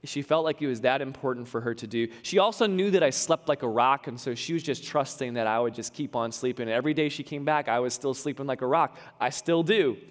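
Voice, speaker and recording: A man's voice: mid-range voice, quick pace, few pauses, in a large hall. A man preaching a sermon as pastor, talking conversationally and adding humorous asides. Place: large church hall.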